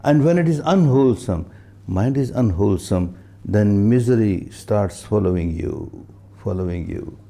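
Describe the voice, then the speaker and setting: An older man delivers a dharma talk in a very dark, gravelly voice. He speaks slowly and emphatically, repeating key phrases and chanting old verses. He speaks as a meditation teacher addressing students. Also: lowish voice, expressive.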